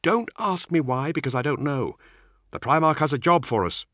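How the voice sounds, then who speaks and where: A man's voice: fairly high pitch, lively intonation, moderate pace, a bit bright, dry recording, studio quality, pitched above the performer's own voice. A man voicing an earnest space marine officer, lifting his voice well above his usual register.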